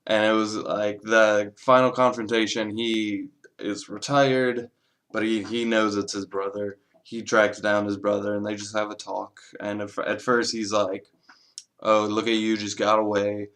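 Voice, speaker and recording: A man with a lowish voice gives a loose, unscripted film review. He talks slowly, swears freely and pads his sentences with plenty of filler words as he drifts from point to point. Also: little pitch movement, fairly bright tone. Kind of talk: casual spoken movie review.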